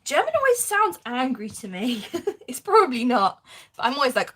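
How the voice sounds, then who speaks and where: A woman's voice: high voice, very animated, moderate pace, a bit bright, breathy edge. Chatty woman crafting live. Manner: chatty, laughs often, reads out viewer comments. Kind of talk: casual chat while crafting.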